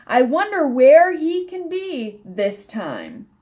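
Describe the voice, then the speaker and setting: A kindly little lady sparrow from a storybook, chirping and chuckling as she fusses over a small friend, as a woman reader puts her on. Her voice sits high and bounces up and down a great deal. Her lines come out slow and careful. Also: huge pitch swings, darkish tone, heavily acted. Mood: chirpy. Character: kindly chatty female sparrow, small bird.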